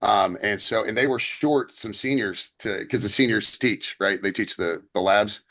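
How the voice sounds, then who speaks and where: Low-voiced man chatting loosely. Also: moderate pace, bright, forceful tone. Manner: rambling, many fillers and restarts. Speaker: podcast co-host. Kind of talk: casual chat.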